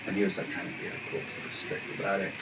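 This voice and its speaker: Young English man, guest, rambling and laughing anecdotes, lowish voice, distant mic with noise. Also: monotone, creaky. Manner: halting, laughing storyteller with many fillers. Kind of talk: casual chat.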